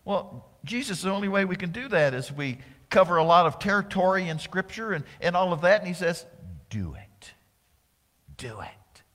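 A male pastor delivering a dramatic sermon in a church, swinging from loud exclamations down to whispers. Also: sits high, a little fast, hardly any pauses, in a large hall.

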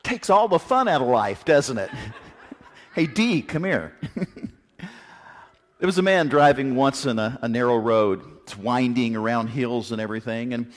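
A man preaching a sermon in a folksy, joking, animated way, mixing stories with scripture. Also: mid-range voice, fairly quick, few pauses. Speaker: pastor. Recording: long hall reverb.

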